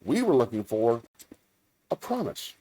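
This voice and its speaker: Lively, chatty man hosting a stream. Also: medium pitch, unhurried. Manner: chatty, playful, lively delivery. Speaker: comedian host of a live stream. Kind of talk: casual live-stream chat.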